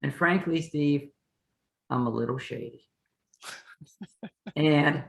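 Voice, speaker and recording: Gravelly-voiced male law professor. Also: fairly high pitch, very slow, long pauses, roomy sound, low-quality recording. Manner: plain-spoken, uses playful hypotheticals. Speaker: law professor and podcast host. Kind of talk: explanatory lecture chat.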